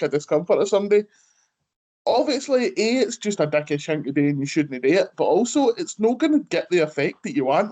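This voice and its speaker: A man's voice: fairly high pitch, darkish tone. A Scottish man hosting a wrestling podcast, talking in a rambling casual way full of "like" and "aye". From Scotland. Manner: rambling, peppered with "like" and Scots "aye". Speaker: podcast host. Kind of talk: casual chat.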